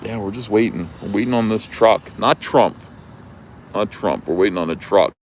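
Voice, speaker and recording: A man with a New Jersey accent hosting a livestream outdoors, chatting casually in an animated, rambling way. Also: lowish voice, normal speed, a little hiss or hum. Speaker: livestream host. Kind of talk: casual chat.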